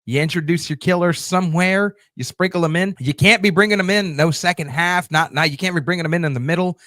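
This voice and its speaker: A man's voice: sits high, fast talker, bright, forceful tone, dry recording, clean studio sound. A man hosting a TV show review channel, casually answering viewer comments with lots of fillers and restarts. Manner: loose, chatty, many fillers and restarts.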